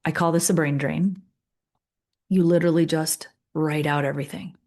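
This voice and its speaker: A middle-aged woman leading a guided coaching session, calm and earnest, repeating phrases with pauses. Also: deep voice. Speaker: leadership coach.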